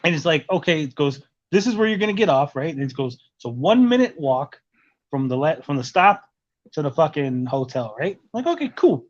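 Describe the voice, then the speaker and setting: A man's voice: on the high side, expressive, brisk. A man telling a long travel story in casual chat, swearing often and filling his talk with "like" and "right?". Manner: rambling, profane storytelling with lots of "like" and "right?". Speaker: podcast host. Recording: lo-fi muffled audio.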